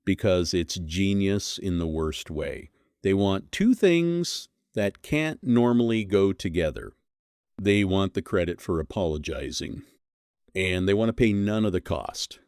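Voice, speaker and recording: A man's voice: low voice, a little mellow, no echo, clean studio sound. A man delivering a scripted commentary monologue, blunt and scornful, leaning hard on single words. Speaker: commentary host.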